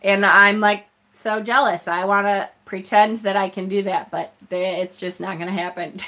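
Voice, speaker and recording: A woman's voice: mid-range voice, fairly even intonation, normal speed, bright, forceful tone. A woman hosting a casual live stream, chatting with viewers as she unboxes a tarot deck, self-deprecating and laughing often.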